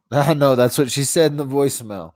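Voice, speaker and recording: A man's voice: medium pitch, moderate pace, a little mellow, no room sound. A man with a stuffy nose from a cold, hosting a casual live-stream chat, rambling, laughing often and restarting his sentences. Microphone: phone.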